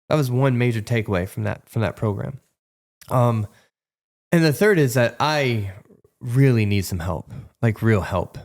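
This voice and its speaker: A man's voice: medium pitch, animated, unhurried, a little mellow. Frank man in his thirties. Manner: frank storytelling, acting out quoted dialogue. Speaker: guest sharing a recovery testimony. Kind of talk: candid conversational testimony.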